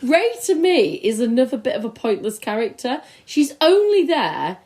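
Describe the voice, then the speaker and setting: A woman co-hosting a podcast in casual chat, animated and laughing, acting out characters' lines. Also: sits high, normal speed, background noise. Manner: lively, acts out characters' lines, laughs often. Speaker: podcast co-host. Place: recorded together in a room.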